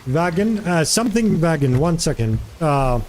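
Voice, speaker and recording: A man's voice: a little high, big pitch swings, normal speed, a little mellow, slight background noise. A man streaming live, chatting casually and rambling through many fillers while answering his chat.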